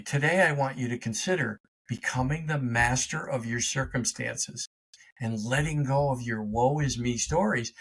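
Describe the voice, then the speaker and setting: A middle-aged man giving an energetic, emphatic motivational talk as a life coach, speaking straight to his listeners in a conversational way. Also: mid-range voice, husky. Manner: energetic, emphatic, conversational, talks to his dog mid-show. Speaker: life coach and podcast host. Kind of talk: motivational direct-to-camera talk.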